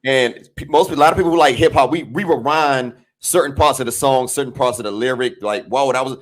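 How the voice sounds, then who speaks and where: A man's voice: medium pitch, a little fast. A man from Washington, D.C. hosting a podcast interview, enthusiastic and slangy. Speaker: podcast host. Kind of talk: casual interview chat.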